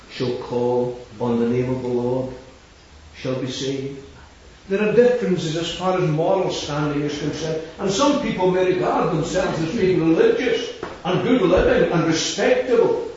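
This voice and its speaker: A man's voice: medium pitch, darkish tone, slight background noise. A man preaching an evangelistic sermon, rising and falling with emphasis and repeating scripture. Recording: echoey hall from far off, dull lo-fi.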